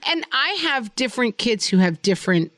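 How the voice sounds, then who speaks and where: Animated woman telling stories on a podcast. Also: a little fast, no room sound. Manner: animated storyteller, acts out quotes in high voices. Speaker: podcast co-host. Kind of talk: casual chat.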